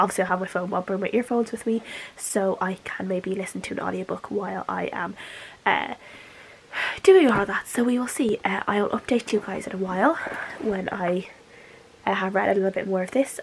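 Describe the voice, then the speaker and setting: A woman's voice: medium pitch, creaky, a little hiss or hum, low-quality recording. A young woman with a stuffy nose from a cold, chatting casually in a book vlog from her room, with lots of ums and uhs. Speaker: book vlogger. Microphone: camera.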